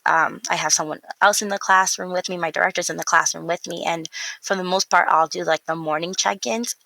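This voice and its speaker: Young woman, educator guest, gravelly voice, bright tone, dry close sound, animated storytelling. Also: fairly low pitch, dry recording, rough recording. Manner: animated storyteller, acts out quotes. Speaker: early childhood educator, guest. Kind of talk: casual interview conversation.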